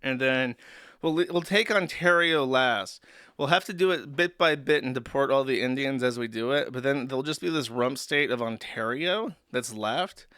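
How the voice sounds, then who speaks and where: A man's voice: medium pitch, normal speed, pushed and bright, clean tone, no echo. A man hosting a livestream, rambling through sarcastic, profane jokes and commentary on a close desk mic. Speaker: streamer host.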